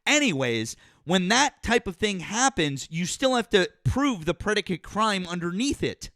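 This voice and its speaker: A high-pitched, bright man with a sore throat, hosting a live political call-in show. He argues in a blunt, profane, combative manner. The sound is dry and close. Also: very animated, normal speed, no room sound. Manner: argumentative, profane, talks over callers. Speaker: political talk show host. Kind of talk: heated live call-in debate.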